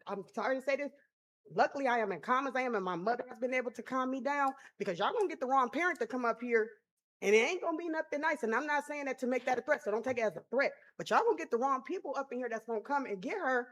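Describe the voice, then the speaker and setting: Mom speaking up at a school board meeting, fired up, blunt, hammering her points home. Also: a little high. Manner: heated, emphatic, blunt. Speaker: parent speaking at public comment.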